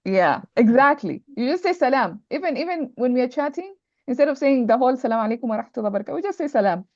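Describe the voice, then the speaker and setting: A woman's voice: high-pitched, very animated, rapid-fire, a little mellow, no echo. A woman teaching Arabic grammar in an online class, patiently repeating terms and checking that students follow. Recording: dull lo-fi online call audio.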